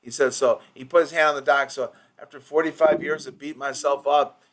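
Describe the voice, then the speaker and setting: A man's voice: fairly high pitch, steady tone, brisk, fairly bright tone. A man coaching office staff in an informal training session. He rambles with restarts and acts out patient quotes.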